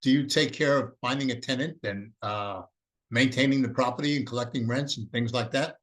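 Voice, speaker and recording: A man's voice: mid-range voice, brisk, fairly bright tone. A man presenting an AI business course in a casual, rambling, folksy way, full of fillers and restarts.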